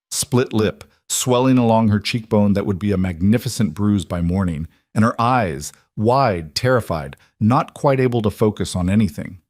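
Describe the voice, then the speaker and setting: A male narrator reading a scripted story in a steady, even way. His voice sits fairly low and is recorded close and dry, with no room sound. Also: dry recording.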